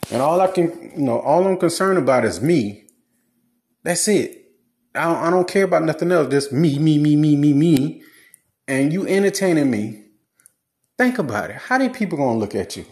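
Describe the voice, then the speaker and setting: A man giving blunt, preachy relationship advice in a casual, slangy monologue. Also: mid-range voice.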